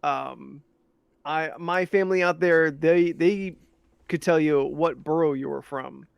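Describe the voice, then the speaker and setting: A man's voice: a little high, measured pace, vocal fry, smooth, no room sound, lo-fi sound. A man co-hosting a podcast, rambling in casual chat with lots of ums and restarts. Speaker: podcast co-host.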